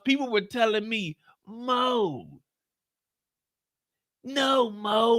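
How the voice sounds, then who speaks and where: A man with a US Midwestern accent hosts a live recap stream in a bright, forceful voice. He swings between low asides and loud, outraged bursts, full of profanity. The sound is dry and close. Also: animated, moderate pace, dry recording. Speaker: live after-show host.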